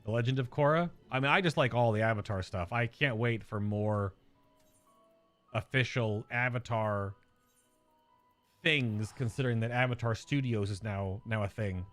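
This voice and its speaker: A man's voice: medium pitch, moderate pace, fairly bright tone, faint music behind. An American man chatting casually while streaming a game, rambling and searching aloud for words. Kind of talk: casual gameplay chat.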